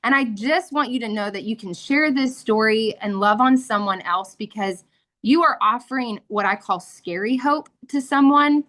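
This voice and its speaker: A woman's voice: fairly high pitch, moderate pace, a bit bright. A woman in her thirties giving an earnest, emotional personal testimony as a mother, with frequent fillers. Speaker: guest sharing a testimony.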